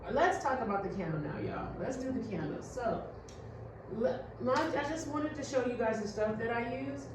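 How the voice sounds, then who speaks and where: A chatty woman talks casually to her viewers, walking through a home ritual step by step. She sits back from the mic in a very echoey room. Steady background noise runs underneath. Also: medium pitch, distant mic. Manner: chatty, loose, addresses viewers as you guys. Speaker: spiritual vlogger. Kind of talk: casual how-to chat.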